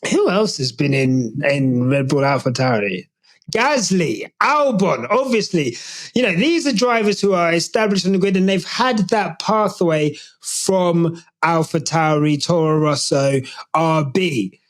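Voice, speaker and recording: A man hosting a podcast, giving casual, animated opinion commentary with jokey asides. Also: fairly high pitch, unhurried. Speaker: podcast host.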